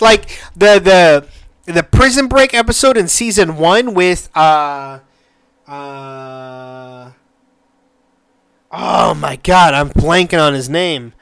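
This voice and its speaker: A man hosting a solo podcast, gushing excitedly, cursing freely and stumbling over restarts. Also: on the high side, slow, clear, resonant tone, no room sound. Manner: excitable, gushing, swears a lot, stammers and restarts. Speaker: podcast host.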